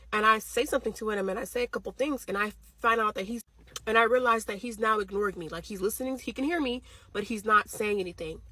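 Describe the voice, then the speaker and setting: Fast-talking husky woman ranting. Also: on the high side, bright, forceful tone, no echo. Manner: blunt, profane, heated storytelling. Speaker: storytime vlogger. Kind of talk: casual storytime rant.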